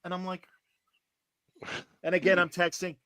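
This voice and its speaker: A man co-hosting a podcast, telling a story in casual chat and acting out the other people's lines loudly. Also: sits high, moderate pace, dry recording. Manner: animated storyteller, acts out quotes loudly. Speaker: podcast co-host.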